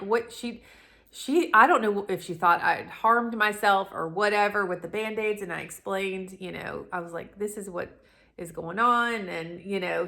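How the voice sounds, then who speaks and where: A woman talks straight to her viewers in a candid, rambling way. Her voice sits a little low, and she keeps calling them y'all as she goes. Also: vocal fry, pushed and bright. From Southern United States. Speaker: vlogger, channel host. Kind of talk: candid personal storytelling to camera.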